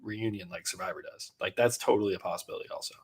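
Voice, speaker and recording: This co-host's low, husky voice races along as he chats casually about a reality show on a podcast. Lively throughout, he acts out quotes from the players.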